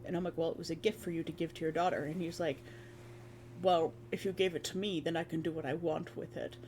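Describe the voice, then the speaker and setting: A streamer chatting casually in a rambling, animated way, recapping a tabletop game and slipping into quick quoted voices of the characters. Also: mid-range voice, slight background noise.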